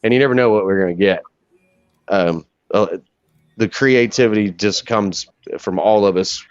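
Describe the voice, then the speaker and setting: A man's voice: fairly low pitch, normal speed, clean tone, dry recording. Swearing guy hosting a chat from his bar, tells stories big, sound is dull and dry. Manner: profane, animated storyteller. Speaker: podcast host. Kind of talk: casual storytelling chat.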